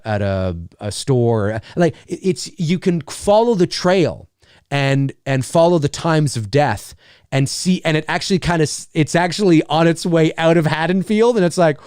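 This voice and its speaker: A middle-aged man talks through his live stream casually and animatedly, rambling, swearing freely, acting out quick asides, and responding to viewer comments. He speaks at medium pitch in studio-quality audio with no room sound.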